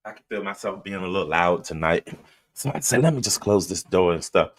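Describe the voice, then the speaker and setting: A man's voice: low voice, expressive, fairly quick. A man hosting a late-night livestream, chatting casually and bluntly with plenty of swearing, greeting viewers by name. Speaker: livestream host. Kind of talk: casual live-stream chat and gossip commentary. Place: room at home with a door.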